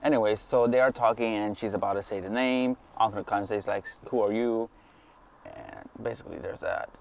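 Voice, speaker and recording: A man's voice: on the low side, brisk, creaky. A young man improvising a fan story aloud, rambling and correcting himself as he goes. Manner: rambling, self-correcting with fillers. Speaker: amateur storyteller.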